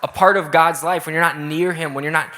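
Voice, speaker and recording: A young adult man preaching a casual, energetic youth sermon in a church auditorium, talking directly with the crowd. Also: a little high, a little fast. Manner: energetic, casual, audience-engaging. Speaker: youth pastor. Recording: echoey hall.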